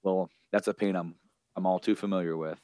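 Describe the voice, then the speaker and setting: A man voicing a remorseful grown man, a villain begging to be killed, in a low, quiet retelling. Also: steady tone, a little fast, no echo, studio quality, close to an everyday voice.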